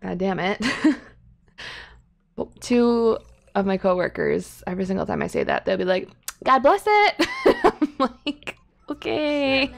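A young woman talks through her game in a loose, rambling way, laughing at her own tangents. Her pace is slow and unhurried, and her voice has a noticeable vocal fry. She sits at a middle pitch for a woman. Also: a little mellow. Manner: chatty, giggly, rambling asides. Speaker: gaming YouTuber. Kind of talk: casual gameplay commentary.

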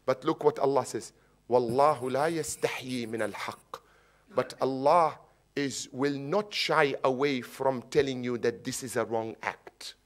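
A man giving a sermon in English, telling stories and mixing in Arabic religious phrases, building to loud emphatic peaks. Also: mid-range voice, a little slow. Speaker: sheikh giving a religious lecture. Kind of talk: sermon with storytelling. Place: mosque or Islamic centre hall.

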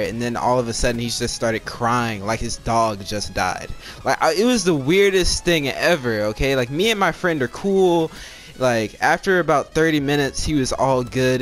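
A man telling a personal story to his viewers in a casual, rambling way, filling his talk with "like" and checking in with "all right?". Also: mid-range voice. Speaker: storytime vlogger.

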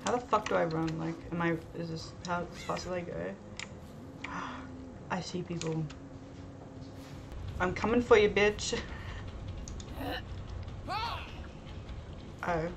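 A woman's voice: on the low side, expressive, slow pace, vocal fry, pauses often. A young woman streamer giving casual gameplay commentary, jittery and nervous, swearing and laughing as she plays. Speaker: gaming streamer. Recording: noisy background ambience.

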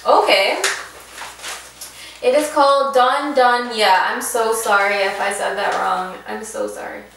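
A young woman co-hosting a casual snack unboxing, bubbly and excitable, reading package labels aloud. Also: fairly high pitch, slow, gravelly, slight background noise. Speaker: vlog co-host. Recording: echoey room, mic at a distance.

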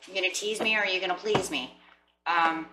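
A woman's voice: on the low side, fairly quick, reverberant, distant mic, over loud music. A woman giving a casual tarot reading, talking to her viewers in a chatty, rambling way. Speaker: tarot reader.

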